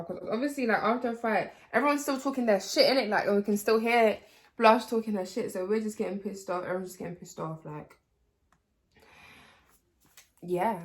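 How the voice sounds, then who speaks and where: A woman's voice: mid-range voice, normal speed, gravelly. A young woman chatting through a story in a vlog. She rambles, drops slang and swear words, and fills gaps with "like". Her voice sits in an ordinary middle register. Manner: rambling, slangy, swears freely, many "like" fillers. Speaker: vlogger. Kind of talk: casual storytime chat.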